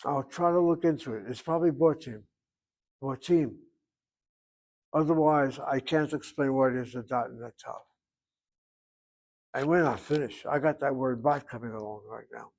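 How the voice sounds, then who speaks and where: A man's voice: mid-range voice, moderate pace. An older man teaching a Hebrew grammar class, thinking aloud and reasoning back and forth as he explains.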